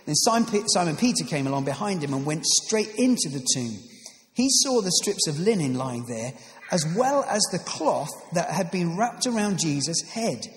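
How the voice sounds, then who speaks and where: A playful pastor with a high-pitched voice reads scripture and preaches with jokey asides. His voice rings around a church hall with long reverb. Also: big pitch swings, moderate pace. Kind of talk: sermon with scripture reading.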